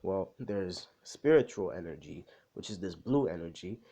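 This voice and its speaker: A man quoting a calm, unbothered teen boy. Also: sits low, normal speed, husky, exaggerated voice. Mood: matter-of-fact. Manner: flat, matter-of-fact. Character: calm, unbothered teenage boy with spirit powers.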